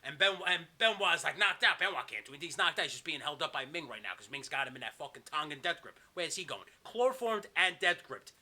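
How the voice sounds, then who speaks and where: A man hosting a podcast, telling a wild story in an animated, profane way, acting out scenes with quick asides. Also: on the high side. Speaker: podcast host. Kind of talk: comedic storytelling.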